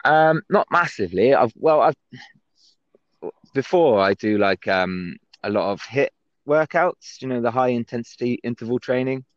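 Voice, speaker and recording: A man from England with a West Country accent, a guest on a casual call-in chat, easygoing and quick to laugh. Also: mid-range voice, lively intonation, no echo, highs cut off. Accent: English, West Country.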